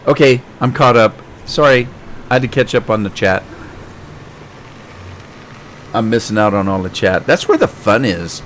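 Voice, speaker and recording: A man's voice: lowish voice, brisk, a bit bright. Chatty streamer man, faint hum. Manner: chatty, joking, reads chat aloud. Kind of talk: casual game live stream.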